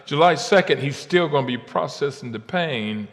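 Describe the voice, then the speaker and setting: A man from Ohio delivers a motivational faith keynote, his fairly high voice dropping to quiet asides before rising to loud, stretched-out proclamations. His voice rings with the long reverb of a large hall. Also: lively intonation, moderate pace. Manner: dramatic swings from quiet to shouting. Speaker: keynote speaker.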